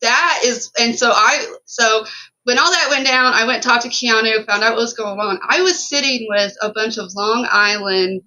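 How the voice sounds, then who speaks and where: Bright-voiced woman telling a heated story. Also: fairly high pitch, poor audio. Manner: emphatic and profane, rapid run-on storytelling. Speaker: podcast co-host. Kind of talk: casual podcast storytelling.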